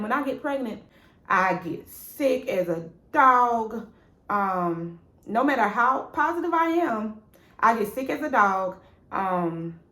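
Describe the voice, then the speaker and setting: Woman in her 30s, preachy, testimony-style home vlog, roomy phone sound. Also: medium pitch. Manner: animated and preachy, addresses viewers as "y'all" and "baby". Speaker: vlogger sharing a faith testimony. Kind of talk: casual spoken testimony. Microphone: phone propped up.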